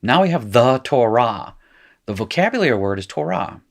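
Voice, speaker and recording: A man's voice: medium pitch, big pitch swings, moderate pace, vocal fry. A middle-aged man teaching a recorded lesson, chatty and explanatory, thinking aloud as he works.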